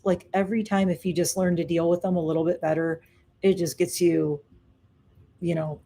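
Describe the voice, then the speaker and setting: Middle-aged female vlogger, lowish warm voice, rambling casual live-stream chat. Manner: rambling, self-correcting storytelling. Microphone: webcam or phone on a live stream.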